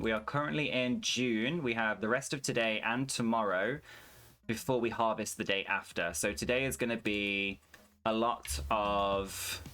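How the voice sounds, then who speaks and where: A young man with a fairly low voice talks casually over a game stream. He rambles and swears freely, slipping into rants. Soft music plays faintly behind him. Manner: chatty, swears freely, ranting. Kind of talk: casual gameplay commentary.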